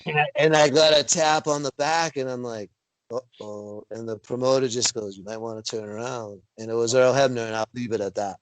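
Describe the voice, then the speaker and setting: A man of medium pitch telling wrestling-ring stories in a loose, conversational way. He jumps into sudden higher pitch when he acts out what people said. The call audio is dry and close. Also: brisk, no echo, poor audio. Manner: animated storyteller, acts out quotes with big pitch jumps. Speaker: wrestling referee guest. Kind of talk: casual storytelling interview. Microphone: video call.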